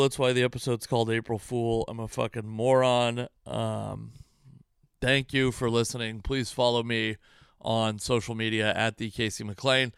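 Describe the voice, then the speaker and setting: A man in the middle of a frustrated, swear-filled ramble, hosting his own podcast from home. His voice is smooth and resonant at an ordinary pitch. It is recorded close to the mic in a dry room with no echo. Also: level tone, moderate pace. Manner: exasperated, profane, rambling. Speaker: comedian and podcast host. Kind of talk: casual self-deprecating monologue.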